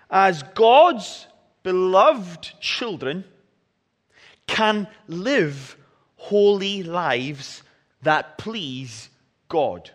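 Preacher, slow and expressive, long reverb. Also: male voice, high-pitched. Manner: earnest, deliberate, swings between emphatic and hushed. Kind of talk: sermon with scripture reading.

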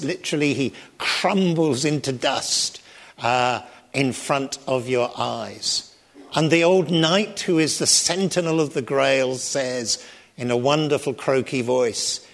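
Middle-aged male preacher, measured and slow, expressive sermon delivery with a lightly raised pitch. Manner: expressive, varies pitch and volume for emphasis.

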